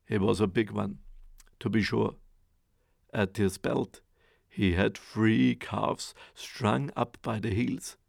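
Man storyteller for a fairy tale: slow, very gravelly, lively pitch, dry close sound. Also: no room sound. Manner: expressive, rhythmic storytelling.

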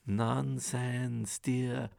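A man voicing a big, fussy ogre's wife in a storybook reading, speaking high, loud and bustling. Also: level tone, very slow, gravelly, dry recording, clean studio sound, heavily acted. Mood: soothing. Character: fussy giant ogre's wife, gruff but kindly.

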